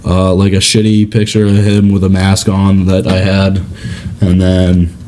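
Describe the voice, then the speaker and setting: A man in his twenties co-hosting a podcast, telling profane, animated stories in casual chat. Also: a little slow. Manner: profane, animated storyteller who acts out others in a high voice. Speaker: podcast co-host.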